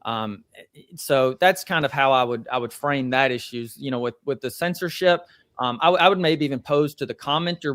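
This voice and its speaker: A young man with a Southern American accent, speaking as an attorney guest in an interview. He explains things in a measured way with plenty of fillers, at a middle pitch. The sound is dry and close. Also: fairly bright tone, no room sound. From Tennessee, USA. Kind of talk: interview answers.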